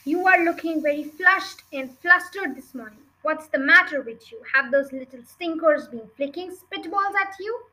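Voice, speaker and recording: A woman's voice: sits high, moderate pace, few pauses, pushed and bright, rough recording. A young woman reading aloud, putting on the voice of a brusque, impatient headmistress in a storybook chapter. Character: booming, bullying headmistress, big and impatient.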